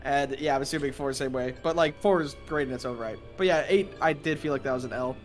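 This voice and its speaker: A man's voice: mid-range voice, fast, soft background music. A young man co-hosting a casual gaming stream, rambling with lots of fillers and frequent laughs. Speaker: streamer co-host.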